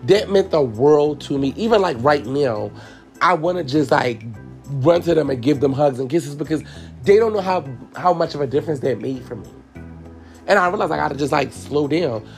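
Gravelly young man telling a raw story. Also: on the high side, expressive, normal speed, faint music behind. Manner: emotional, frank, swears freely, addresses listeners as y'all. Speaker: podcast host and hairstylist. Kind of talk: candid personal storytelling.

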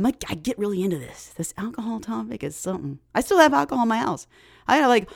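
A woman's voice: mid-range voice, dry recording, studio quality. A woman hosting a fitness podcast, talking casually and encouragingly with lots of fillers. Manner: chatty, animated, encouraging, many fillers. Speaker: podcast host. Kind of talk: casual solo podcast talk.

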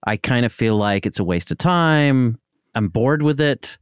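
A man chats casually as a podcast co-host and drops in quick reactions. His pitch bounces up and down a lot. The recording is dry and sits close to the mic. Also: smooth, no echo. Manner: lively, quick interjections, laughs easily. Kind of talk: casual conversation.

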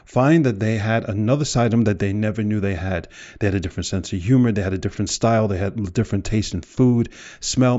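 Male podcast host, motivational talk, low warm voice, rhetorical questions, muffled lo-fi recording. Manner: rhetorical questions, drawn-out emphasis. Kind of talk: motivational monologue.

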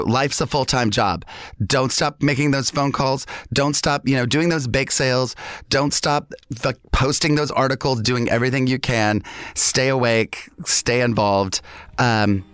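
A man hosting a podcast, rambling and animated, laughing often as he talks with guests. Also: medium pitch, measured pace, no echo, studio quality. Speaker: podcast host. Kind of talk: casual chat. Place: studio with guests.

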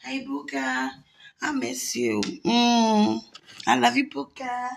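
A woman's voice: on the high side, steady tone, takes it slowly, gravelly, roomy sound, slight background noise. A woman talking casually and fondly to someone she loves, breaking into prayer and laughing often. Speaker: vlogger. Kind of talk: casual heartfelt talk to camera.

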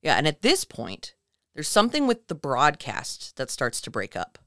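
Brief: woman podcast host, lowish smooth voice, dry close sound, lively storyteller. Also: normal speed, dry recording. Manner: animated retelling, acts out quotes. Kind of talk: casual storytelling chat.

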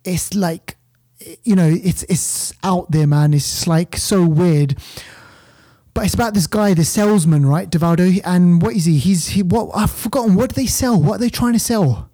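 A chatty podcast host with a mellow, dark tone leads the conversation about films with lively enthusiasm. The voice sits close and dry on the mic. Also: mid-range voice, normal speed, dry recording. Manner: chatty, animated, leads the talk. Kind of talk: casual film review chat.

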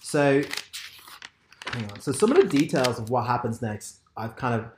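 A podcast co-host with a mid-range, slightly mellow voice talks at a moderate pace, casually recapping a TV drama. He rambles with plenty of fillers and laughing asides, and the recording has a roomy echo.

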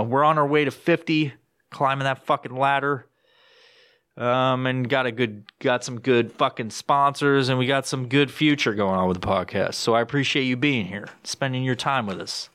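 Recorded dry at studio quality on a home podcast mic with headphones, a young host rambles through a casual solo rant, cursing constantly and restarting thoughts. He slips into a high, excited voice when repeating his own words.

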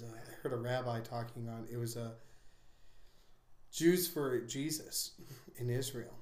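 A man of middle pitch hosts a casual conversation, rambling and digressing with frequent restarts. His voice carries a noticeable room echo. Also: darkish tone. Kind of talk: casual discussion. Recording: echoey room.

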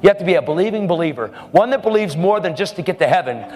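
A man's voice: high voice, expressive, quick pace, darkish tone. A man preaching a sermon, telling a testimony story in a fervent, emphatic way. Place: church service hall. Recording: reverberant hall.

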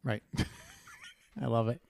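A man's voice: medium pitch, wildly swooping pitch, drawn-out words, vocal fry, darkish tone, no room sound, clean studio sound. A man co-hosting a casual comedic debate, teasing and mock-formal as he argues his side.

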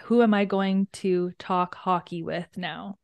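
A woman's voice: fairly low pitch, measured pace, vocal fry, no room sound. A woman chatting casually about a novel, recapping chapters and acting out characters' lines. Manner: relaxed, acts out characters' lines. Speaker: book discussion co-host.

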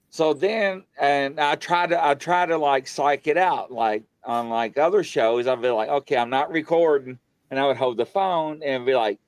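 With no room sound and a normal speaking speed, a male guest on a paranormal show tells a ghostly story in easygoing chat. His quoted lines come out animated, with big jumps in pitch.

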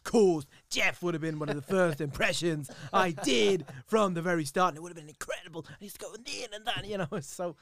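An Irish man hosting a casual chat, an animated storyteller who swears casually. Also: sits high, brisk, vocal fry, hardly any pauses, crowd noise. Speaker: podcast host and impressionist.

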